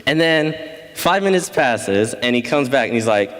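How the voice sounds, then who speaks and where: A man's voice: a little high, expressive, moderate pace, a bit bright, long reverb tail. A teenage boy telling a funny school story at a live story slam, casual and laughing at himself. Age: teens. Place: school event stage.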